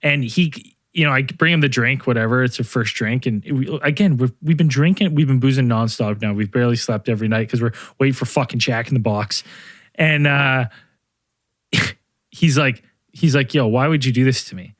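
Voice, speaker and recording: A man at an ordinary middle pitch tells a trip story for a podcast. He rambles, swears and restarts his sentences. The sound is dry and close, with no room echo. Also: normal speed, fairly bright tone. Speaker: podcast co-host. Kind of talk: casual storytelling chat.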